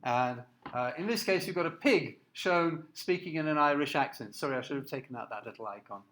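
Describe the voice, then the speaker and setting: A man lecturing from slides with a fairly high voice for a man. He speaks haltingly, with frequent fillers and restarts, and points his listeners toward the images. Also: fairly bright tone. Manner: explanatory, asks listeners to look at slides. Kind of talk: recorded lecture.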